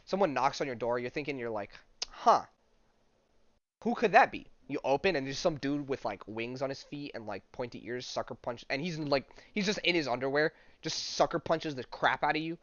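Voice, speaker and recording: A man's voice: medium pitch, brisk, few pauses, fairly bright tone, no echo. A young man hosting a podcast, reading a comic aloud and joking about it in slangy, casual talk full of fillers. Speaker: podcast host. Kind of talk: casual comic read-along commentary. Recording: dry, dull lo-fi mic.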